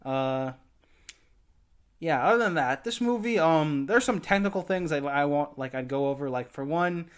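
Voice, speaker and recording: A man with a somewhat high speaking voice, chatting casually about films. He rambles a bit, corrects his own mix-ups and breaks into easy laughter. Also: lively intonation, moderate pace, clear, resonant tone. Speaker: podcast co-host. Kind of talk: casual film discussion.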